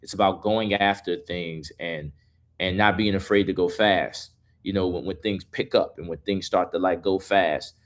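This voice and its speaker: A man's voice: low-pitched, steady tone, moderate pace. A man hosting a live stream in loose, profane casual chat, reading viewer questions and talking through his song.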